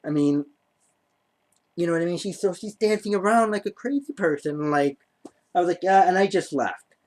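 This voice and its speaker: A man's voice: high voice, lively intonation, normal speed, a little mellow. A man telling a personal story to the camera in a rambling, profane way, full of "like.". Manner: rambling, profane, heavy use of "like". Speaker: vlogger.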